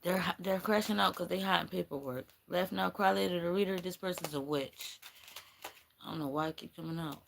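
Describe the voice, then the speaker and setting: A woman's voice: on the low side, brisk, vocal fry, slight background noise. A woman giving a rambling, blunt spiritual reading on a livestream, swearing casually as she goes. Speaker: spiritual reader.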